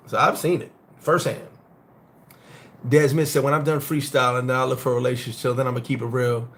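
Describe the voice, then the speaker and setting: A middle-aged man who grew up in the United States, hosting a casual live-stream chat and telling stories in a blunt, profane, animated way. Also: medium pitch, brisk. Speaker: host.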